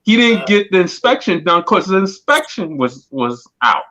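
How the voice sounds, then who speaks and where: A man in a casual group chat, an animated storyteller who acts out the quotes. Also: high voice, normal speed. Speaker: podcast crew member. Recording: lo-fi dull sound.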